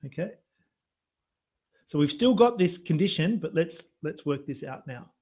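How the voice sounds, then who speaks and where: A man's voice: fairly high pitch, animated, a little slow, a little mellow, breathy edge, lo-fi sound. A man teaching a live-streamed maths revision lesson, quizzing students in the chat. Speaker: university maths lecturer. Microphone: computer mic on a live stream.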